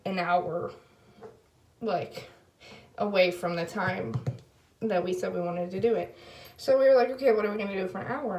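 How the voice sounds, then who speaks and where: A young woman recording a casual video diary, her voice sitting in the middle of the usual range. She rambles through the story with constant fillers, acts out each bit of dialogue, and stops for awkward little apologies. The room around her is bare and echoey. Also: mid-range voice. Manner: rambling, lots of fillers and quoted back-and-forth, self-conscious asides. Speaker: vlogger.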